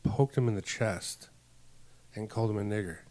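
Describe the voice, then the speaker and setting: A man's voice: fairly low pitch, normal speed, mellow. Man spinning rambling podcast anecdotes. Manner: rambling anecdotes, acts out quoted dialogue. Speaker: podcast host. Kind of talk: casual storytelling chat.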